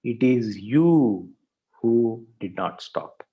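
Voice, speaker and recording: A man voicing a calm, composed monk in a told story, speaking slowly and gently. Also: mid-range voice, breathy edge, highs cut off, heavily acted. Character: serene calm old male monk, gentle teacher.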